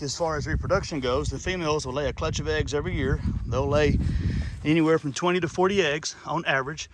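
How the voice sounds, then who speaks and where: A man's voice: a little high, a bit bright, slight background noise. A middle-aged man hosting a casual nature vlog outdoors by a pond, talking in a folksy, rambling way. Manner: folksy, chatty, rambling with fillers. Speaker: channel host.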